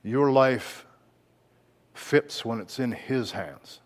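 A man preaching a sermon, moving from quiet reflective lines to loud emphatic outbursts, laughing now and then. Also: medium pitch, very slow, long reverb tail. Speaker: pastor.

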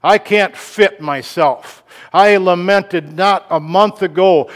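A man preaching a sermon, moving from quiet reflective lines to loud emphatic outbursts, laughing now and then. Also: sits high, slow, in a large hall. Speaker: pastor.

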